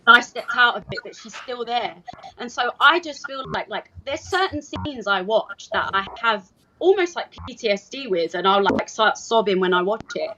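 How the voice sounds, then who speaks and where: A woman speaking earnestly and reflectively, leaning on "like" as she talks. Her voice comes through a dull, lo-fi video call with a clear bed of noise behind her. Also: a little high, lively intonation, moderate pace. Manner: earnest, heavy use of "like". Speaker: actor on a panel. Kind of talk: reflective panel answer.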